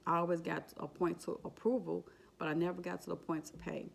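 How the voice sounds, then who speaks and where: A woman's voice: lowish voice, flat delivery, fast, vocal fry. A woman vlogger telling an emotional, faith-filled personal story in a casual, repetitive way. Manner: exclaims and laughs while retelling. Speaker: vlogger sharing her exam story.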